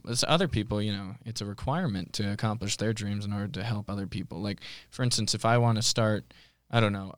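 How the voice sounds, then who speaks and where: A young man co-hosting a faith podcast, talking in an earnest, reflective way with frequent pauses and restarts. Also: fairly low pitch, no echo, studio quality. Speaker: podcast co-host. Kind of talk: casual chat.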